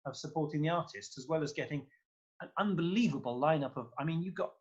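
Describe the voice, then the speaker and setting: Male guest conductor, effusive and rambling, slightly higher voice, lo-fi call sound. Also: fast. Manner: enthusiastic, effusive, rambling with fillers. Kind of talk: casual interview chat.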